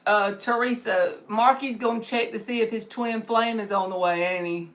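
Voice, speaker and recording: A woman with a slightly higher voice talks loosely through a live tarot reading. She fills her talk with "like" and "you know" as she gives gentle, encouraging spiritual advice. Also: fairly even intonation, normal speed. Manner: chatty and encouraging, loose with fillers. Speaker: tarot reader hosting a live stream. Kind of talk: casual live-stream chat.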